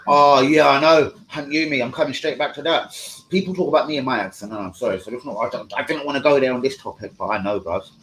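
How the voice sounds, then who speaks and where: A man's voice: mid-range voice, quick pace, a bit bright, poor audio. A young man hosting a live fan stream, profane, combative and mocking as he talks to his chat. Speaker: fan channel host. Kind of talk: live-stream football rant.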